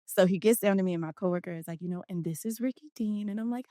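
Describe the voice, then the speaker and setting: A woman from Philadelphia, a guest telling an animated story in a casual interview and acting out the quotes. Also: medium pitch, racing, dry recording, studio quality. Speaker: guest, basketball players' union director.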